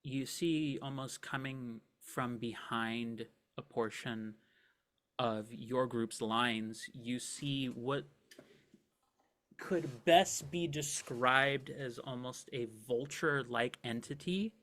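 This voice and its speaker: A man's voice: mid-range voice, a bit bright. Guy running a tabletop game, laid back scene-setting, lots of likes and ums. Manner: casual and vivid, with many "like" fillers. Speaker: game master.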